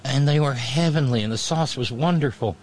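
A man's voice: mid-range voice, fairly quick, a little mellow. A man hosting his own radio show, talking to listeners in a loose, rambling monologue full of restarts and fillers.

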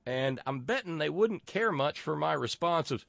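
A man's voice: a little high, lively intonation, normal speed, vocal fry, a bit bright, dry recording. Middle-aged guy ranting sarcastic politics on his show, cusses a lot, stumbles on words, dry close mic. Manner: sardonic, profane, stammering restarts. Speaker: podcast host. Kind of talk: political commentary monologue.

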